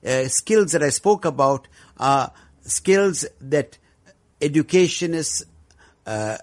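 A man speaking as a guest about education, earnest and measured, with frequent pauses. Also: on the high side, animated, a little mellow. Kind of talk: discussion on education.

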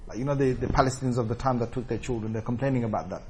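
A man's voice: mid-range voice, very fast, hardly any pauses, a little hiss or hum. A man teaching a scripture commentary lesson in an explanatory way, often checking in with his listeners. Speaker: religious teacher.

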